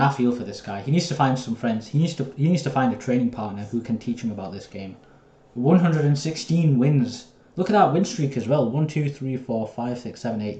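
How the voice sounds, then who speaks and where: A man's voice: medium pitch, warm tone, slight background noise. A young man, chatting casually with viewers while commenting on his own live gameplay. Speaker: streamer. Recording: roomy echo.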